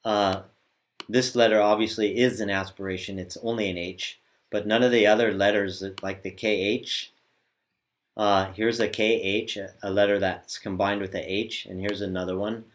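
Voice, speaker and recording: Patient male teacher, slightly low voice, walks learners through sounds with halting restarts. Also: flat delivery. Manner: patient, hesitant, demonstrates sounds aloud. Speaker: Sanskrit recitation teacher. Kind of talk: step-by-step pronunciation lesson.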